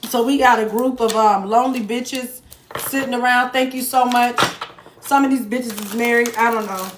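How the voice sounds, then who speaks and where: A tarot reader with a somewhat high voice gives her viewers a casual reading at a moderate pace, blunt and profane, tossing in joking asides. The room is echoey, with faint noise.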